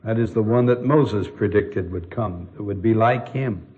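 A man preaching a sermon to his congregation in an earnest, expressive way, asking the listeners pointed questions. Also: fairly low pitch, moderate pace, lo-fi sound. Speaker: pastor.

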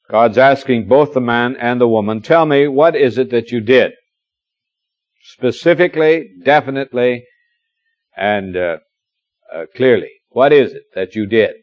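A middle-aged man preaching an expository sermon, reading scripture slowly and explaining it with gentle humor. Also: mid-range voice, no echo. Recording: dull lo-fi dry recording.

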